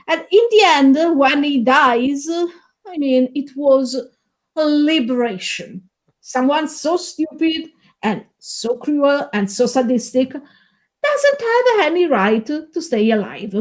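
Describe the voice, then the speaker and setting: Woman, casual film review chat, hesitant, slow pace, higher pitch. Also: lively intonation, poor audio. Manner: slow and hesitant, frequent "uh" pauses.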